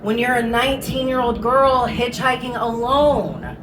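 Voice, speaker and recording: A woman telling a profane stand-up story, deadpan, with sudden drops to hushed asides. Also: fairly high pitch, unhurried. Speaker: stand-up comedian. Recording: distant room sound with audible noise.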